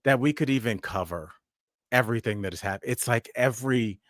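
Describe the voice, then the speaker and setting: On a news and comedy podcast, this co-host chats conversationally in a mid-range, slightly bright voice, speaking fairly fast and frequently restarting or using fillers. The sound is studio quality with no room sound.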